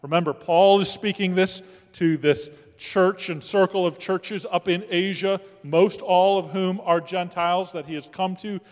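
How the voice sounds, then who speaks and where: A man's voice: sits high, steady tone, unhurried, hardly any pauses. Emphatic preaching man in an echoing hall. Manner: emphatic preaching with rising calls of "Amen?". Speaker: pastor. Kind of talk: sermon. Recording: long hall reverb.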